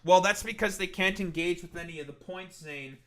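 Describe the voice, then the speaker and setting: Male streamer, combative live-stream rant, profane and sarcastic, forceful tone. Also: high voice, brisk. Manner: sarcastic, mocking.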